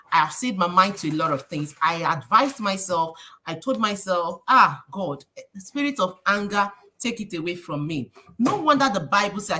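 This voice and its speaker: A woman with a Nigerian accent hosting a casual livestream, preachy and lively, slipping in Pidgin phrases. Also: mid-range voice, a little hiss or hum. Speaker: livestream host.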